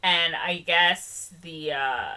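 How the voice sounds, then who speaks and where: A woman's voice: sits low, drawn-out words, bright, forceful tone, clean tone. A young woman co-hosting a podcast, retelling a film in casual, rambling chat with lots of "like" and "um". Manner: chatty, rambling retelling full of "like" and "um". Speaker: podcast co-host.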